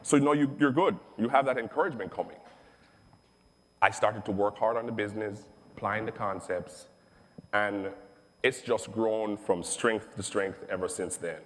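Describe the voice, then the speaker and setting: A man's voice: lowish voice, moderate pace. Emphatic man in echoing room. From Jamaica. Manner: emphatic, animated, repeats phrases. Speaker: online seller telling his story. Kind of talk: testimonial storytelling. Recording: long echoing reverb.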